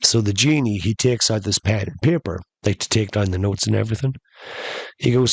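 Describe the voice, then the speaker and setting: Podcast guy telling a story, rambly, low voice, dry room. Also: fairly quick, vocal fry, husky, dry recording. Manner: rambling, with filler likes and restarts. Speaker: podcast host. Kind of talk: storytelling a joke.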